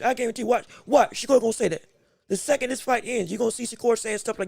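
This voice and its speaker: High, gravelly-voiced man hosting live commentary. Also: fast talker, a little mellow, no echo. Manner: emphatic, repetitive, joking banter. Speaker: podcast host.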